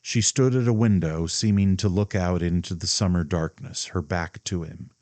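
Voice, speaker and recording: A man narrating a classic novel as an audiobook reader, in a measured storytelling manner. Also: low-pitched, steady tone, a little mellow, no room sound. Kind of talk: scripted narration.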